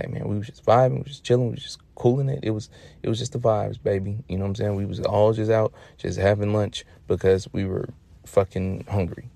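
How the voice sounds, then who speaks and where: A man's voice: lowish voice, vocal fry, warm tone, no room sound. A man telling funny stories casually, profane and slangy, laid-back with lots of fillers. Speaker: storyteller. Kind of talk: casual comic storytelling.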